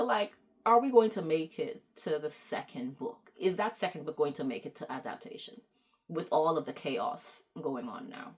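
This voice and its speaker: A young woman book vlogger chatting to camera, excitable and rambling, stopping to apologize for going off track. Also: deep voice, moderate pace. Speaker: book YouTuber. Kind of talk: casual chat to camera.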